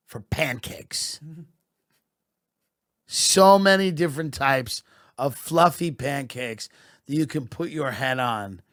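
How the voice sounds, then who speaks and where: A man delivering a satirical comedic monologue in a mock-patriotic, deadpan manner that swells into shouted bursts. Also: on the high side, no room sound, clean studio sound.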